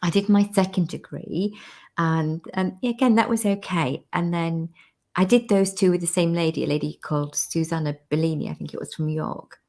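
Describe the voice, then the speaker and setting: A woman's voice: fairly low pitch, moderate pace, darkish tone. A woman hosting a casual interview on a video call, telling anecdotes in a chatty way and acting out what people said. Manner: chatty storyteller, laughs, acts out quoted people. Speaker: interview host.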